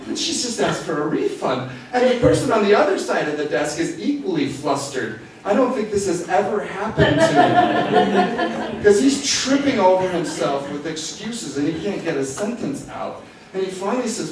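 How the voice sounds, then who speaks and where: Man, from the US, storyteller, lively pitch, roomy hall sound, distant and noisy. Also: normal speed. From United States. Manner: animated, self-mocking, acts out quotes. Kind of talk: live storytelling on stage. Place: theater stage. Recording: echoey theater from far off, noisy.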